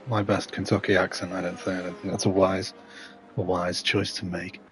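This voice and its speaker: A man's voice: deep voice, flat delivery, moderate pace, slight background noise. A man, casually commentating a sim race and chatting with a rambling, dry sense of humour.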